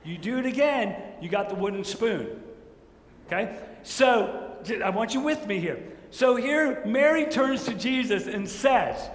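A man preaching a sermon, telling stories with lively rhetorical questions and acting out the quotes. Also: extremely high pitch, measured pace, a little hiss or hum. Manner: animated storytelling, rhetorical questions, acts out quotes. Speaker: pastor. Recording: echoey hall with faint ambience.

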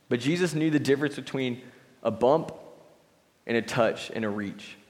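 A man's voice: mid-range voice, moderate pace, darkish tone. A young man giving a sermon in a casual, conversational way, reading scripture aloud and briefly acting out voices. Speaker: preacher. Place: church hall. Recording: long hall reverb.

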